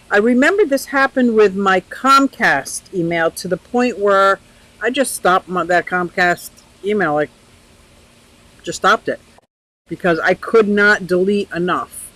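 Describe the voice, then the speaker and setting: Older woman, livestream host, casual outdoor chat, bright voice, laughs a lot, reads viewer comments. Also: mid-range voice, poor audio. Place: outdoors by a pond.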